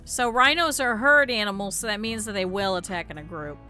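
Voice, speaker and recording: A woman's voice: medium pitch, fairly quick, sharp tone, faint music behind. A young woman streaming a video game, chatting casually with her viewers and swearing in exasperated bursts at the game. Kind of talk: casual gameplay commentary.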